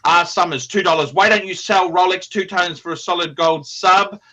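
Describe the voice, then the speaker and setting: Excitable high-voiced man hosting a livestream. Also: normal speed, muffled recording. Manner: profane, excitable, shouts in bursts. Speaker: livestream host. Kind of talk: casual livestream chat reading donations.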